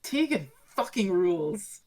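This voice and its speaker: A woman's voice: mid-range voice, big pitch swings, a little slow, dark tone. A woman co-hosting a podcast in casual chat, blunt and swearing freely as she recaps. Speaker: podcast co-host.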